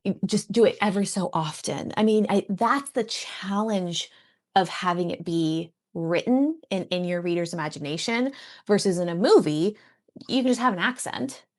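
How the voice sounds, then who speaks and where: A woman who writes and teaches writing, chatting casually on a podcast and pausing often to find her thoughts. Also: lowish voice. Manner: thoughtful, trails off and restarts while thinking.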